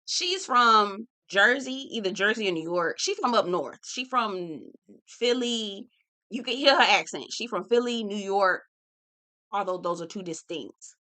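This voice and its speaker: A young woman hosts a reality TV recap in a relaxed, candid way and speaks straight to her audience. Her voice is bright and crisp, her pitch sits in a middle range, and her tone is blunt and gossipy. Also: measured pace. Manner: candid, chatty, swears and talks to viewers as "girl" and "y'all". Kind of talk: casual chat.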